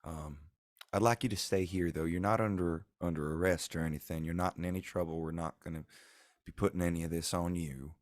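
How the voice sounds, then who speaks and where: A man playing a gentle, reassuring woman lawkeeper. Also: low-pitched, steady tone, a little fast, no echo, clean studio sound, natural voice. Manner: soft, gentle, stammering reassurance. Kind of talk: voicing a character in a tabletop game.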